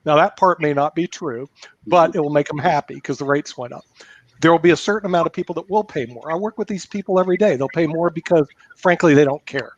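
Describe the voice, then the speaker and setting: A man's voice: a little high, fast, highs cut off. A man who works as a retirement plan advisor, arguing his point emphatically with examples on a panel. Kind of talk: panel debate.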